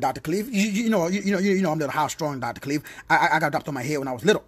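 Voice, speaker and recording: A man leads a word study like a sermon, with a fairly high, husky voice. His pitch rises and falls widely as he repeats phrases and calls out listeners one by one. He breaks off into playful, teasing asides. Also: quick pace. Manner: animated, repetitive, calls listeners by name. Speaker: spiritual word-study teacher. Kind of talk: preacher-style lecture.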